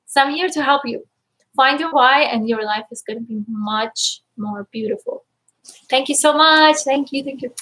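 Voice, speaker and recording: Upbeat, energetic woman coach going live. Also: sits high, moderate pace, low-quality recording. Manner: energetic and upbeat, effusively thankful; emotional, near tears at times. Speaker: life and money mindset coach. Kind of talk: casual live-stream talk to viewers.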